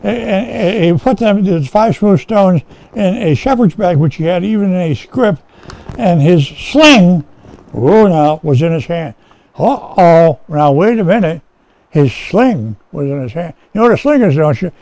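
A man's voice: high-pitched, lively intonation, measured pace, a little mellow, rough recording. A male pastor teaching from the Bible in a folksy, conversational way, often checking in with his listeners. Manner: folksy and conversational, asks "okay?" often, many restarts. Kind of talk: informal Bible-teaching sermon. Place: rescue mission chapel.

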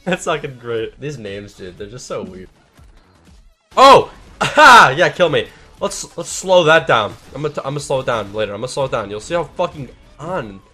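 A man giving live, profane gameplay commentary, mostly laid-back and mumbling, bursting into shouts at big plays. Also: medium pitch, very animated, normal speed, slightly rough, soft background music. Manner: profane, swears constantly. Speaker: gaming channel host.

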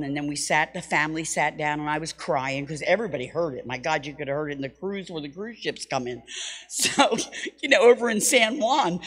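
A middle-aged woman preaching at a Bible school, spinning a personal story with animated, self-mocking energy. Her voice sits a little low, and a long reverb trails each phrase as it rings through a church hall. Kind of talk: storytelling sermon.

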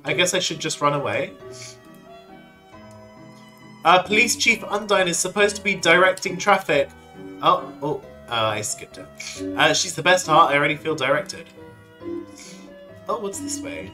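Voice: mid-range voice, lively intonation, bright, forceful tone, rough recording. A streamer giving playful, laughing commentary while playing a video game. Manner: playful, laughing, quick asides. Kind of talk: casual let's-play commentary. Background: game music.

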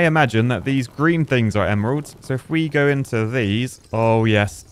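Excitable man, casual gameplay commentary, mid pitch, light music underneath. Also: normal speed, few pauses. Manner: chatty, excitable, exclaims at finds. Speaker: gaming YouTuber.

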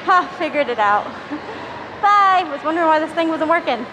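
Animated and moderately paced, this service dog handler's high-sitting voice carries over background noise as she chats to her handheld camera, which has a wind muff. She rambles and laughs a lot, vlogging outdoors in a park and later indoors at a mall.

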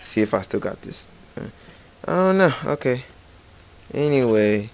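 A man's voice: mid-range voice, lively intonation, unhurried, clean tone, dry recording. Rambling man narrating his gameplay. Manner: rambling, playful, talks to game characters. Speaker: gaming channel host. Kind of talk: casual let's play commentary. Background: faint game music.

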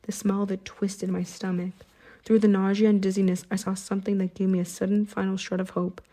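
Husky woman narrating an audiobook. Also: medium pitch, little pitch movement, a little fast, warm tone. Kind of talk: first-person audiobook narration.

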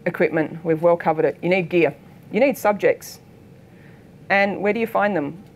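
A middle-aged Australian woman, a photographer giving a keynote talk, telling anecdotes in a lively way and acting out the voices of people in her stories. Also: fairly low pitch, moderate pace, a little hiss or hum. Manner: lively storytelling, acts out quoted voices. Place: lecture hall.

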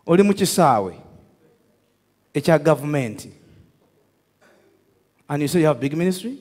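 A man preaching a sermon, telling stories with laughter and shouting out to his congregation. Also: a little high, unhurried. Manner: animated storytelling, laughs, shouts to the crowd. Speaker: pastor. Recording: echoey hall with long reverb.

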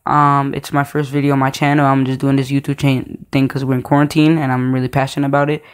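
A man tells a story from his own life in loose, slangy vlog talk. He rambles, circles back and fills pauses with ums. His voice sits at an everyday middle pitch. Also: clean tone. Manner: slangy, animated, rambling with fillers. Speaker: storytime vlogger. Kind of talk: casual storytelling.

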